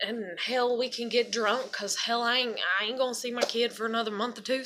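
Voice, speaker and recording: A woman's voice: a little high, steady tone, a little fast, few pauses, very noisy. A woman talking to her viewers in a rambling, profane, emotional confessional vlog. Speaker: mother vlogging to her viewers.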